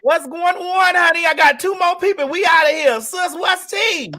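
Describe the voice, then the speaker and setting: A woman hosts a live call-in stream in a high, bright voice. She trades loud, teasing banter with her callers in a casual chat. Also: moderate pace. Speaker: host of a live call-in show.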